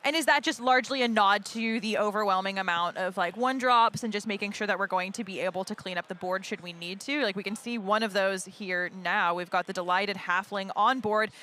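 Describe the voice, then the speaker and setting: Californian woman commentator, bright clear voice, fluent analysis. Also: medium pitch, fairly quick, few pauses. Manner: fluent, analytical, laughs easily. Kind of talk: live tournament commentary.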